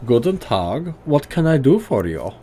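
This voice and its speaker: A man voicing a stout, gruff but kindly old tinkerer with a heavy put-on German accent, reading game dialogue. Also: mid-range voice, very animated, unhurried, mellow, pitched above the performer's own voice. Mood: gruff friendly.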